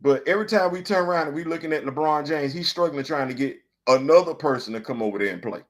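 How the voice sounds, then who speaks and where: High-voiced man ranting about sports. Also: fast talker. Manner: animated, rhetorical questions, colloquial. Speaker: host. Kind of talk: casual opinion commentary.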